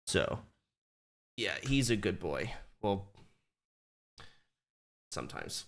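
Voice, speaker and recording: A man streaming from his desk, talking casually and swearing now and then, slipping into high baby talk with a puppy. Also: sing-song, slow, long pauses, bright, forceful tone. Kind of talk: casual live-stream chat.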